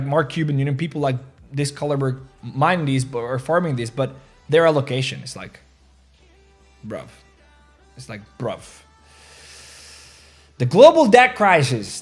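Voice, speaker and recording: Excitable rambling male crypto host. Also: a little high. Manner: rambling and excitable, reads social media posts aloud with laughs. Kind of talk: casual crypto market commentary.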